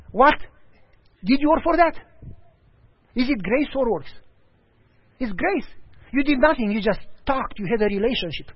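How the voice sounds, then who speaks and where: Male preacher, lively storytelling delivery with voiced dialogue; high, animated pitch. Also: breathy edge, dry recording. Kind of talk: sermon. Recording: dull lo-fi audio.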